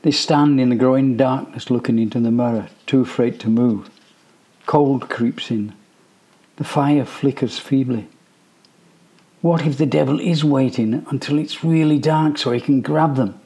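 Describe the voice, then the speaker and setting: Hushed suspenseful male storyteller. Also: medium pitch, fairly even intonation, measured pace. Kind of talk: scripted narration.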